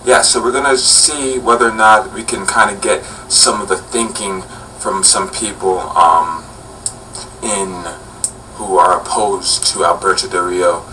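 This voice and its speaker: A man's voice: deep voice, steady tone, measured pace. A man in his twenties hosting a casual vlog, chatty and rambling with many fillers. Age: 20s. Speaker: vlogger host. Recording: distant camera mic with faint hum.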